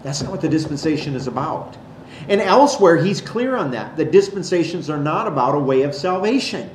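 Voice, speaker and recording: Man, Bible teacher, explanatory, slightly high pitch, echoey hall, faint noise. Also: lively intonation, brisk. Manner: explanatory, points to a board. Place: classroom or church hall.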